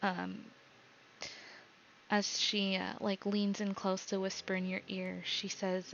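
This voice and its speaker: A woman narrating as dungeon master of a live-streamed tabletop game, halting and full of ums, in a slightly dull lo-fi recording. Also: mid-range voice, completely flat delivery, a bit bright. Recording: slightly dull lo-fi sound with faint noise.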